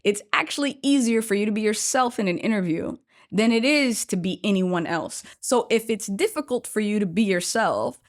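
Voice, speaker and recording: A woman guest telling a workshop story in a lively, conversational way, often acting out what people said. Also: medium pitch, moderate pace. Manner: animated, acts out quoted voices.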